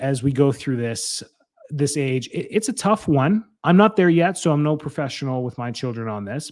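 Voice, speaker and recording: A man's voice: medium pitch, a little mellow. A man in his thirties hosting a solo podcast, talking in an earnest, rambling way and often correcting himself. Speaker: podcast host. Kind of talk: casual solo podcast talk.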